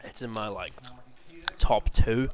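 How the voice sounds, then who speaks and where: A man's voice: on the low side, takes it slowly, darkish tone. A man co-hosting a casual review chat, earnest and opinionated, often restarting his sentences. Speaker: co-host of a review show.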